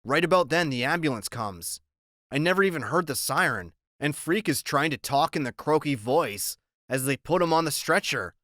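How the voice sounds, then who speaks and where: A man's voice: fairly high pitch, expressive, moderate pace, fairly bright tone, no echo. Man narrating an audiobook, dry and close. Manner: plain, conversational storytelling. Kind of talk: first-person audiobook narration.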